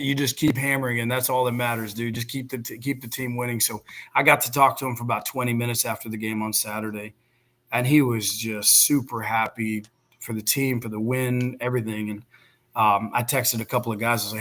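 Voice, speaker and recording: Brief: middle-aged dad, animated storyteller, slangy and excitable, mid-pitched voice. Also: male voice, fairly quick. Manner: excitable, slangy, reliving the game. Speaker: guest, father of a player.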